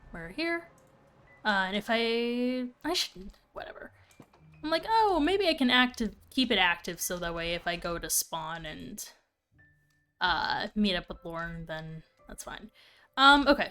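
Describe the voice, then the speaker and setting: A woman's voice: mid-range voice, expressive, normal speed, bright, forceful tone, clear, resonant tone, faint music behind. A young woman casually chatting and thinking aloud while she plays a game on stream. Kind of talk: casual gameplay commentary.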